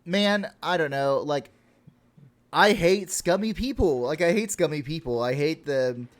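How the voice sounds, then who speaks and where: A man's voice: fairly high pitch, lively intonation, unhurried. A man from Texas co-hosting a podcast, ranting and swearing casually with laughs. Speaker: podcast co-host.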